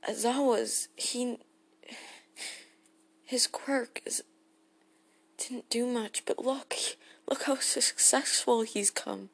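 A woman voicing a gentle, goofy teenage boy hero who speaks as an affectionate boyfriend in a role-play audio, soft-spoken and prone to giggles. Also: on the high side, steady tone, slow pace, creaky, pauses often, husky, exaggerated voice. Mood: tender, reassuring. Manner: soft-spoken and tender, breaking into giggles when tickled.

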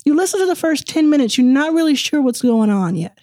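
A woman's voice: sits high, sing-song, a little fast, warm tone, no room sound, studio quality. A woman hosting a podcast, chatting with enthusiasm and often restarting her sentences. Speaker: podcast host. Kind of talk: casual chat and self-read outro.

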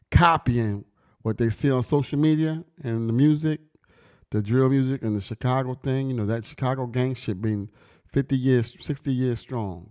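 A man's voice: mid-range voice, a little mellow. Slangy middle-aged man venting. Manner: emphatic, slangy, preachy storytelling. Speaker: vlogger and brand owner. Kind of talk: casual street-talk monologue.

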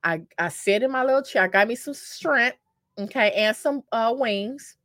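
A woman's voice: a little high, lively intonation, normal speed, fairly bright tone, dry recording. Chatty woman telling a story, dry sound. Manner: chatty and self-mocking, addresses listeners as "y'all"; talks with many fillers and repeats. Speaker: vlogger telling a dating story. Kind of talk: casual storytelling to camera.

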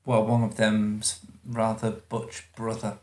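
Dude on a podcast, dry wry one-liners, laid back chat. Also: male voice, on the low side, completely flat delivery, slow pace, echoey room. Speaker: podcast co-host. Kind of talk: casual chat.

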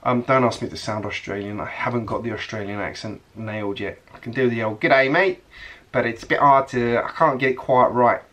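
A man's voice: medium pitch, steady tone, fairly quick, hardly any pauses, fairly bright tone. A man chatting casually on his hobby vlog, rambling along with lots of fillers and restarts. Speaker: Lego hobby vlogger.

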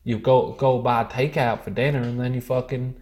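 A man's voice: medium pitch, fairly even intonation, moderate pace, darkish tone, natural voice. A man putting on a wavering American accent to play a profane patriotic American man ranting about laziness. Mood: scolding. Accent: put-on American. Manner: preachy, scolding, profane.

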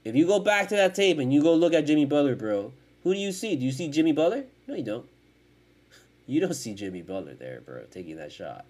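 A man hosting a sports podcast, ranting in casual, profane, animated talk. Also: fairly high pitch, a little fast. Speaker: podcast host.

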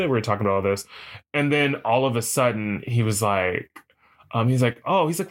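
A man's voice: mid-range voice, very fast. A man in his late thirties, a podcast co-host, telling a story in casual chat and acting out the voices of the people he quotes. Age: late 30s. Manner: animated storyteller, acts out quotes, many restarts. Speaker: podcast co-host, PhD student.

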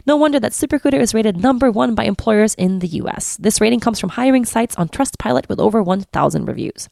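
A woman's voice: on the high side, lively intonation, fast, gravelly, a little mellow, no room sound, studio quality. A woman podcast host reading a sponsor advertisement in an upbeat, scripted way.

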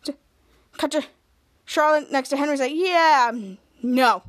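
Young female podcast host, high voice, casual TV recap, jumps into quoted lines with loud outbursts. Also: a little slow. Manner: acts out characters' lines with bursts of loud, high shouting.

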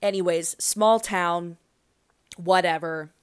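A woman's voice: lowish voice, takes it slowly, clear, resonant tone. Rambling, chatty woman podcaster. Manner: rambling, chatty, lots of fillers and self-corrections; animated swings into loud excited bursts. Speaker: podcast host. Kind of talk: casual solo podcast chat.

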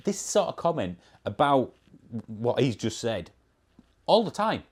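A man's voice: medium pitch, big pitch swings, measured pace, slightly rough. A man with a Yorkshire accent, talking casually in a vlog as a car reviewer, wry and sarcastic while he reads out and answers comments. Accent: Yorkshire English. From Yorkshire, England.

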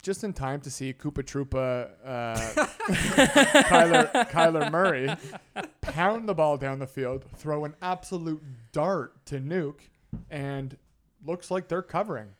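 A man's voice: on the high side, a little slow. Man retelling games and movie scenes. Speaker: podcast co-host. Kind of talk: casual sports betting banter.

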